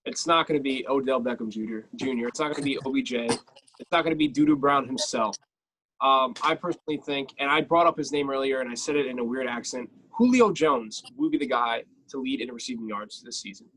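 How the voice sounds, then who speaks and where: A man's voice: mid-range voice, a little fast, a bit bright, slight background noise, poor audio. A man co-hosting a casual sports podcast, talking with enthusiasm and repeating his points for emphasis. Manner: enthusiastic, repetitive phrasing. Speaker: podcast co-host.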